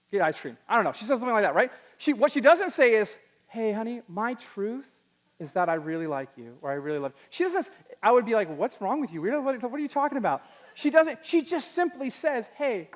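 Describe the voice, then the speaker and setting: Animated high-voiced man addressing a youth audience. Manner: animated, acts out quotes in put-on voices. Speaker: youth speaker.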